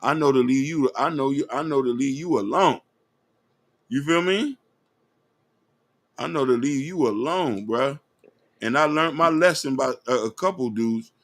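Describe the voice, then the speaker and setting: Gravelly man rambling commentary. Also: medium pitch, unhurried, pauses often. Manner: rambling, with stumbling restarts and "you know what I mean". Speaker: host reacting to a clip. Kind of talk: casual commentary.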